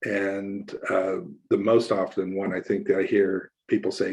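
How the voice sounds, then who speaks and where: A male minister telling a personal story in a relaxed, conversational sermon, acting out the voices of the people he quotes. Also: deep voice, unhurried, slightly rough, lo-fi sound.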